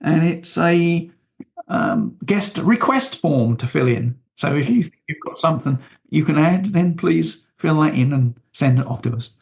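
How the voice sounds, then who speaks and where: A man's voice: fairly high pitch, lively intonation, unhurried, creaky, a little mellow. A man co-hosting a casual podcast in a kitchen, upbeat with playful teasing. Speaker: podcast co-host. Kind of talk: casual chat. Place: home kitchen.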